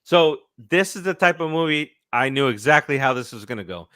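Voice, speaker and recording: Smooth-voiced man chatting casually. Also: fairly high pitch, expressive, a little fast, sharp tone, dry recording, clean studio sound. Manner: rambling, many fillers and restarts. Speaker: podcast co-host. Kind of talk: casual chat.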